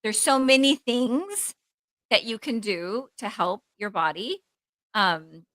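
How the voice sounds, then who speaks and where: A woman therapist co-hosting a casual podcast chat, talking in an animated, rambling way with lots of "like" and acting out her own inner voice. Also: a little high, slow, dry recording, low-quality recording. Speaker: therapist co-host.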